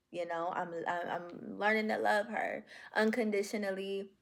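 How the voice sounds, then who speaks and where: A woman recording a heartfelt video journal, speaking in slow, affirming, repeated phrases. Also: mid-range voice. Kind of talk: reflective self-talk video journal.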